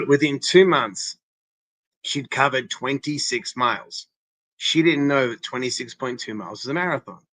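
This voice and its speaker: A man's voice: mid-range voice, moderate pace, a bit bright, no echo. A man giving an emphatic, coaching-style interview as a guest interventionist, often checking in with "okay?" and "right?". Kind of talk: motivational interview talk.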